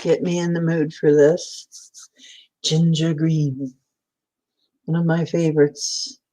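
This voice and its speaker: Slow, low-voiced woman rambling. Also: level tone, warm tone. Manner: meandering, chatty, many fillers. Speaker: host. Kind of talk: rambling casual chat.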